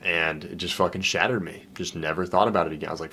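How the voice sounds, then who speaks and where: Deep-voiced man, candid coaching talk. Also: brisk, hardly any pauses, a bit bright, a little hiss or hum. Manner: loose and candid, full of "dude" and "man"; emotional and heartfelt when recalling loneliness. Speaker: dating coach. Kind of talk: casual, profane monologue.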